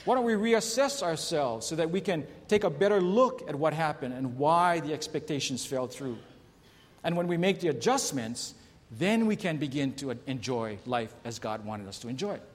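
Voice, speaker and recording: A man's voice: a little high, animated, normal speed. A man preaching a sermon as a pastor, asking the congregation questions, reading scripture aloud and telling jokes with raised voices for the characters. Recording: long hall reverb.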